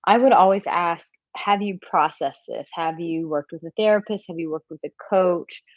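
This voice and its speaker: A woman's voice: lowish voice, moderate pace, no room sound, highs cut off. A woman dating coach answering viewer questions in a live Q&A, candid and chatty, acting out example lines.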